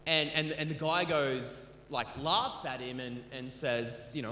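A man's voice: medium pitch, unhurried, sharp tone, slight background noise. A man preaching a sermon from a church platform into a handheld mic, speaking earnestly and often repeating words as he restarts. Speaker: pastor. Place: church sanctuary. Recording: echoey church hall with long reverb.

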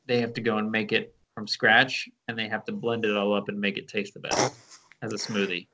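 A man co-hosting a podcast, laid-back and quick to laugh in casual chat. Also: fairly low pitch, level tone, noisy background. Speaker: podcast co-host.

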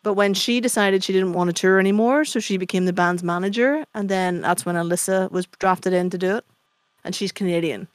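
A woman's voice: medium pitch, brisk, clear, resonant tone, no room sound. Chatty, opinionated woman on a call. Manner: chatty, opinionated, explains with gusto. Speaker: podcast co-host. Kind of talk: casual chat. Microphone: video call.

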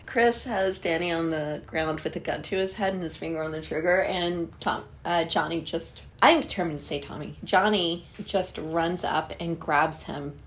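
A woman's voice: lowish voice, moderate pace, few pauses, a little hiss or hum. Sarcastic woman riffing on a movie. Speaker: movie commentator. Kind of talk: running commentary while watching a movie.

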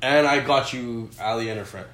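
A man's voice: medium pitch, normal speed, a bit bright, roomy sound, slight background noise. A young man co-hosting a crude podcast chat, telling stories and laughing a lot. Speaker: podcast co-host.

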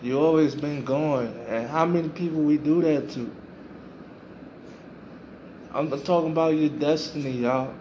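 Slow, reflective male podcast host. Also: a little high, a little mellow, muffled recording, slight background noise. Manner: reflective, repeats phrases for emphasis. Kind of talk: motivational podcast monologue.

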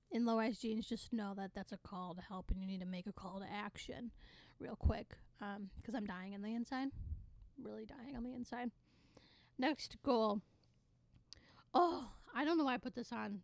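A teenage girl rants on her own casual podcast, sassy and sarcastic, jumping into loud animated bursts. Her voice sits a little high for a woman. The sound is dry and close to the mic, with no room around it. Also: gravelly, dry recording. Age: teens. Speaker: podcast host. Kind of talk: casual solo podcast rant.

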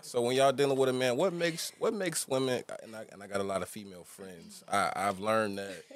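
A man hosting a casual podcast chat, halting and restarting, turning animated when he quotes people. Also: lowish voice.

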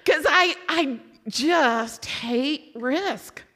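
A woman from Louisville giving a sermon as a lively personal story, acting out her own excitement and letdown. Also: high voice, very slow. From Louisville, Kentucky. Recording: long hall reverb.

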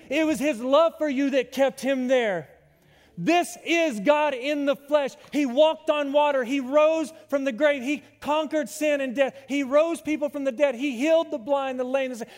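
High-voiced preacher in an echoing hall. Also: male voice. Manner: fervent preaching, swinging from loud calls to hushed lines. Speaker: pastor. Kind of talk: sermon. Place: church hall with long reverb. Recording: reverberant church hall.

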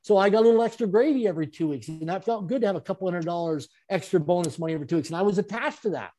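Fast-talking man telling stories. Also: sits high. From Canada. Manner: animated, chuckling storyteller. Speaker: interview guest, speaker. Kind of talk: storytelling interview.

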